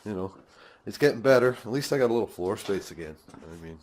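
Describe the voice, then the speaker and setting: In a casual, rambling garage vlog shot on a phone he holds, a man with a lowish, slightly mellow voice speaks fast and expressively. He swears without a second thought and laughs frequently.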